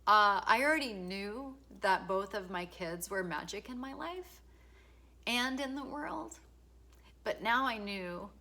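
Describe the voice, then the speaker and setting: A middle-aged woman reads her own book introduction aloud, frank and emotional, stepping out of the text for casual asides and swearing. Her voice sits a little low in pitch but sounds sharp and bright. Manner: frank and emotional, swears freely, laughs often. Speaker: author.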